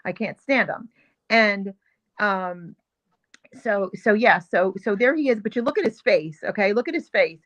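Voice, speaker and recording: A woman's voice: mid-range voice, lively intonation, unhurried, fairly bright tone. A woman hosting a show, giving heated, emphatic commentary on video clips and repeating her points with indignation. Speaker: show host.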